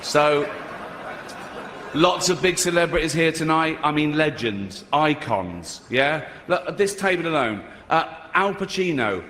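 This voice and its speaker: Mocking stand-up comedian in a big hall. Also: male voice, on the high side, unhurried. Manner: dry, mocking, deadpan asides. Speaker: stand-up comedian and awards host. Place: large theatre on stage. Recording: live hall reverb, faint audience noise.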